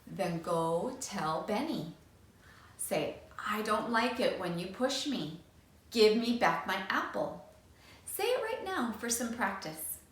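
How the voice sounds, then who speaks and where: A woman voicing a gentle female butterfly teacher who speaks slowly, soothingly and firmly. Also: on the high side, big pitch swings, distant mic. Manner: soothing, slow and firm. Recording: echoey room.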